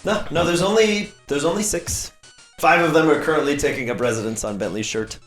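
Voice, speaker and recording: A man's voice: a little high, a little fast, a bit bright, echoey room, soft background music. A man running a tabletop game as game master, narrating playfully and throwing in little sound effects.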